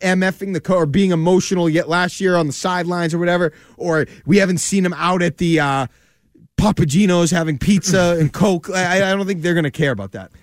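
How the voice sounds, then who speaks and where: A man, co-hosting a sports podcast and making his case in an earnest, measured way. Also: high-pitched, no room sound, clean studio sound. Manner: earnest, measured, reasoning aloud. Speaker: podcast co-host. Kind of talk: casual sports talk.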